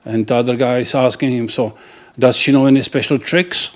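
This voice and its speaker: Man, joke teller, halting, restarts words, mid-pitched. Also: steady tone. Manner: halting, restarts words, laughs at own punchlines. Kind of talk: telling dirty jokes.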